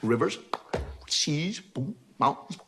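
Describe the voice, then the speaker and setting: A man's voice: on the high side, animated, takes it slowly, loud music behind the voice. A man playing a bored, whimsical God who mutters offhandedly and bursts out with sudden exclamations, in a noisy archival TV recording. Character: bored, whimsical male God making the world.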